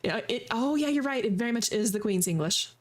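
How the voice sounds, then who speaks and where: A woman's voice: a little high, animated, fairly quick. A woman streamer giving playful, chatty commentary while she plays a video game. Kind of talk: casual gameplay commentary.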